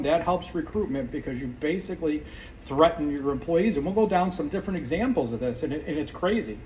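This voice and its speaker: A man's voice: fairly high pitch, animated, fairly quick, mellow, a little hiss or hum. A man hosting a podcast, delivering a heated, sarcastic opinion monologue full of restarts. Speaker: podcast host. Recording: distant mic with faint room ambience.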